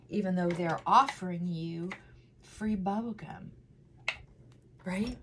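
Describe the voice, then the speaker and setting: A woman's voice: lowish voice, steady tone, slow pace, pauses often, fairly bright tone, slight background noise. A middle-aged woman chatting emotionally and candidly while doing her makeup at home, close to tears at times. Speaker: vlogger.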